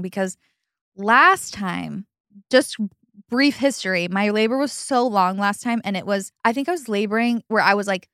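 A woman's voice: mid-range voice, fairly bright tone, dry recording, studio quality. A young adult woman hosting a podcast, telling a personal story in casual chat, chatty and full of fillers, laughing often.

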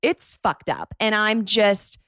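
A young woman in her twenties hosting a podcast, telling a rambling, animated story full of "like.". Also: medium pitch, takes it slowly, dry recording, clean studio sound. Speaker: podcast host. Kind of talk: casual storytime monologue.

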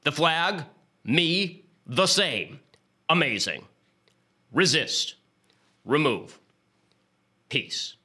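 A man's voice: a little high, sing-song, extremely slow, long pauses, pushed and bright, slightly rough, full character voice. A man doing a pompous grandstanding TV pundit. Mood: grandiose. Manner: grandiose, melodramatic, swelling declamation. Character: pompous self-important male TV pundit. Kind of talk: comic impression monologue.

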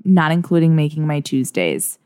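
A woman's voice: sits low, big pitch swings, normal speed, a little mellow, clear, resonant tone, no room sound, clean studio sound. A woman co-hosting a podcast, chatting casually about celebrities with many "like"s. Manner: chatty, filler-heavy, upbeat. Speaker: podcast co-host. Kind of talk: casual celebrity gossip chat.

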